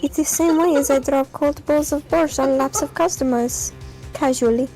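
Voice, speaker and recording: A woman voicing a gruff waitress in a put-on Russian accent, speaking flatly and dropping articles. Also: high voice, moderate pace, faint music behind. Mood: deadpan. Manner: deadpan, drops articles.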